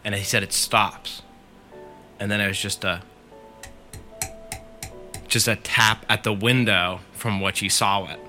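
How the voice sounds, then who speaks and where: Soft background music sits behind a man with a lowish, sharp-toned voice and fairly even intonation. Unhurried and prone to long pauses, this podcast co-host chattily retells a story to friends, full of "like" and "he said."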